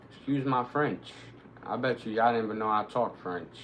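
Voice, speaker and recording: A man streaming live, commenting on his gameplay, who bursts into excited, cursing shouts at the action. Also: mid-range voice, normal speed, a little hiss or hum, low-quality recording. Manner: excitable, swearing, shouting reactions to the game.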